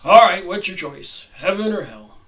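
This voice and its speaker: A man voicing a brisk male gatekeeper at heaven's gate, speaking loudly and emphatically. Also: sits high, recorded from a distance.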